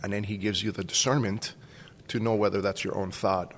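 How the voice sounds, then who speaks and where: A man's voice: on the low side, level tone, a little fast. A man in his forties, originally from Cuba, casually telling a personal story as a podcast guest. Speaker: school staff guest. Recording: long hall reverb with faint noise.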